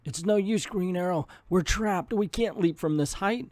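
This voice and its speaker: Man doing a panicked trapped guy, pitched up. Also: moderate pace, darkish tone, no room sound, studio quality, natural voice.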